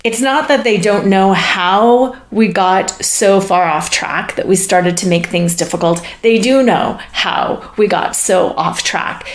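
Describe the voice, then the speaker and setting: A woman with a mid-range voice hosts a session relaying channeled spirit messages. She speaks haltingly, as if searching, and laughs often, all in an echoey room.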